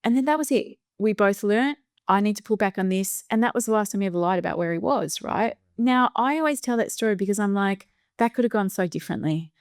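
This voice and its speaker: A middle-aged Australian woman hosting a podcast, telling a story in a casual, animated way, often laughing and acting out the voices of the people she quotes. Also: mid-range voice, fast, few pauses, no echo, clean studio sound. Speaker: podcast host.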